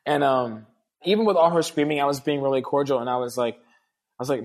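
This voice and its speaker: Speaking fast in a mid-range voice, the guest relates a lengthy personal story during a casual conversation. He earnestly performs the dialogue of the people involved.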